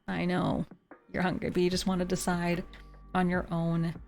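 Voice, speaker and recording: A woman's voice: lowish voice, completely flat delivery, normal speed, vocal fry, darkish tone, soft background music. Chatty, giggly woman streamer from Canada. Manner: chatty and giggly, saying "like" often. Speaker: game streamer. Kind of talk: casual chat with live viewers.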